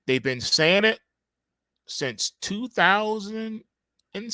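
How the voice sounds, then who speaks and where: A man's voice: sits high, animated, very slow, long pauses, pushed and bright, dry recording. A man hosting a market report, delivering opinionated commentary with sarcastic, emphatic rhetorical questions.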